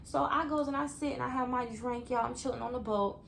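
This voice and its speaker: A young woman tells a story to her viewers in a chatty, animated way and keeps calling them y'all. Her voice sits somewhat high for a woman. Faint background noise runs underneath. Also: brisk, gravelly. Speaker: vlogger. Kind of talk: story time vlog.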